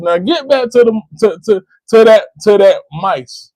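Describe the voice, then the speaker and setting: A man's voice: high-pitched, expressive, measured pace, dark tone, dry recording, low-quality recording. A man from the United States hosting a livestream, giving impassioned commentary, repeating phrases for emphasis and speaking to a listener by name. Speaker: livestream host.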